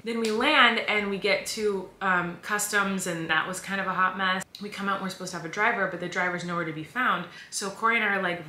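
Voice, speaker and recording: Chatty, bright-voiced woman vlogging. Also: lowish voice, echoey room, slight background noise. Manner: rapid, chatty and rambling. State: stressed and overwhelmed. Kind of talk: casual vlog chat. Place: hotel room.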